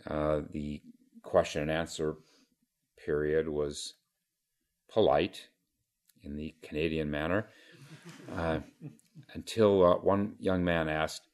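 Very deep-voiced, slow, halting Zen teacher. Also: male voice, fairly even intonation, darkish tone. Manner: halting, measured, frequent pauses and fillers. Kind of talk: dharma talk.

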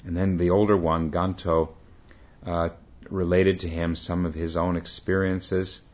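A man with a very deep voice gives a dharma talk as a Zen teacher, telling a story haltingly with frequent self-corrections. The recording is dull and lo-fi. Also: little pitch movement.

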